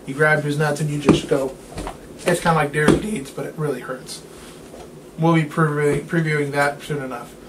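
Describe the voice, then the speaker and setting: A man's voice: fairly high pitch, steady tone, normal speed, very noisy. A man co-hosting a casual wrestling review, joking around, laughing often and cutting in over his co-host. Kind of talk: casual chat.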